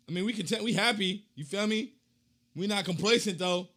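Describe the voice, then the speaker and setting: A young host reads fan comments a little fast in a casual postgame chat. He sounds hyped and uses slang, sometimes chanting loudly and sometimes muttering low.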